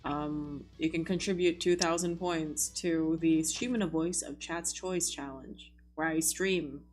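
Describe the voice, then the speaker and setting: A woman streamer chatting casually while she studies. She is excitable, swears freely and talks in quick bursts full of fillers. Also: low-pitched, faint music behind. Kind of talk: casual chat while studying.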